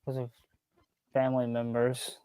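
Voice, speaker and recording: A man chatting with friends, halting and teasing in a dry way. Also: mid-range voice, monotone, mellow, clear, resonant tone, no room sound. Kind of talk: casual chat.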